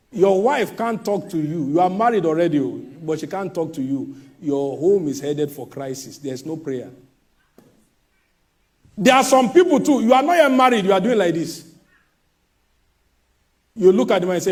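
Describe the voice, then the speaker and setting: A man preaching a sermon, emphatic, swinging from loud shouts to low asides and mimicking people mid-sermon. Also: very animated, moderate pace.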